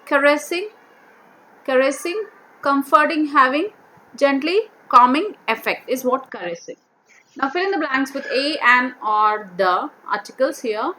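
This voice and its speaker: A woman teacher going through a vocabulary worksheet, repeating each word and slowly sounding out its syllables. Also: sits high, lively intonation, sharp tone, a little hiss or hum. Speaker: English teacher.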